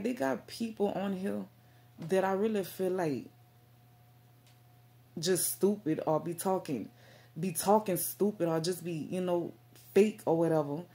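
A woman's voice: medium pitch, creaky, dark tone. A woman talking casually to her camera about faith, rambling with many fillers and repeats. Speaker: faith vlogger.

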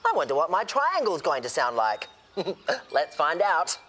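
A woman's voice: low voice, very animated, measured pace, fairly bright tone, a little hiss or hum, full character voice. A woman playing a giggly young fairy. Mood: playful. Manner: giggly, playful. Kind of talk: children's TV acting.

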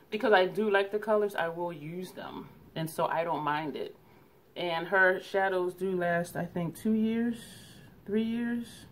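A woman reviewing her eyeshadow palettes in a chatty, casual way, laughing often and correcting herself. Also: mid-range voice. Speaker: beauty vlogger.

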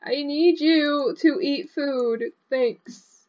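A young woman giving casual, excitable commentary over a video game, often breaking into laughter. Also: high-pitched, unhurried, dull audio. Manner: giggly, excitable, shrieks with laughter. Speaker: gaming vlogger.

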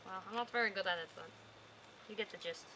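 A woman's voice: medium pitch, quick pace. A woman demonstrating a recipe at an outdoor grill, chatting casually and joking with the food as she works. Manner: goofy, talks to the food. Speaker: home cook demonstrating a recipe. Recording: outdoor wind and ambient noise.

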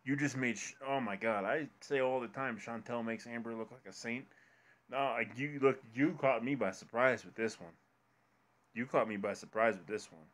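A man ranting in open fury during a reaction commentary. His voice sits at an ordinary middle pitch, and he swears hard as he raises it against someone. He keeps pushing the attack without pause. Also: a bit bright. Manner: furious ranting, heavy swearing. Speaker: commentary co-host.

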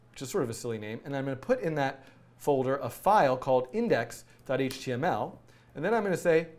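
A man's voice: fairly high pitch, a little mellow. A middle-aged man teaching coding in a casual, rambling way, often laughing and correcting himself as he works. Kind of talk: casual live-coding tutorial.

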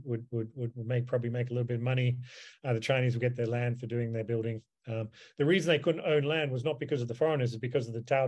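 A man gives a seminar talk over a video call, answering questions at length. He wanders through his points with ums and repeated words, in a voice of ordinary pitch for a man. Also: a little mellow. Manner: discursive, with many fillers and repeated words. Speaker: seminar speaker, solicitor advocate.

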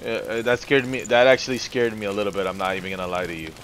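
A male streamer in casual let's-play commentary, excitable, swearing and joking as he plays. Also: fairly low pitch, quick pace. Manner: excitable, profane, jokey. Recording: game audio with rain noise behind.

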